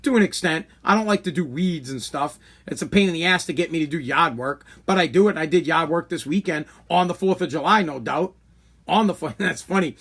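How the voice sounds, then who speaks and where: Thirtysomething guy on a podcast, high voice, brash and blunt, rambles a lot. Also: fairly quick, a bit bright, slightly rough. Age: 30s. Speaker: podcast host. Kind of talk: casual comedic rant.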